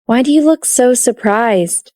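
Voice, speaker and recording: A woman voicing a sharp, teasing young wife and mother with an animated, quizzing delivery. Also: a little high, a little slow, no echo, studio quality, voice pushed up.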